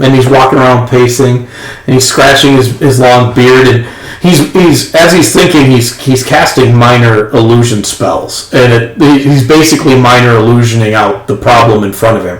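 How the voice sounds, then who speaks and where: Man narrating a tabletop game, echoey. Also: mid-range voice. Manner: halting, many restarts. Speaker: game master. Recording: echoey room, faint noise.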